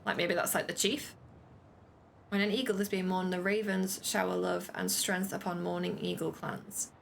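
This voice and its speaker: A woman streams a game and chats through it, giggling and stumbling over the text she reads aloud. Her mid-pitched voice has a gravelly edge, with a faint hiss behind it. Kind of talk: casual game commentary.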